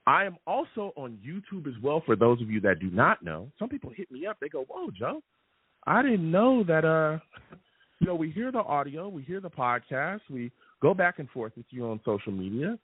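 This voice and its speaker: Chatty sports host on a tinny line. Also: male voice, a little high, fairly quick, husky. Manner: animated and chatty, repeats "okay?" and "all right?" often. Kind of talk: live call-in fan show monologue. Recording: tinny phone-like sound.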